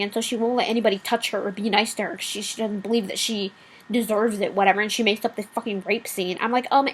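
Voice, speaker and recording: A woman's voice: fairly high pitch, breathy edge, poor audio. Blunt, swearing woman ranting. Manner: blunt, profane, rambling with filler asides. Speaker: vlogger. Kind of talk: profane rant.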